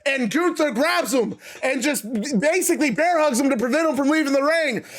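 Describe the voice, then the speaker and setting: High-voiced man recapping a wrestling game. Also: a little fast. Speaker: recap narrator. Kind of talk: narrating a wrestling game story.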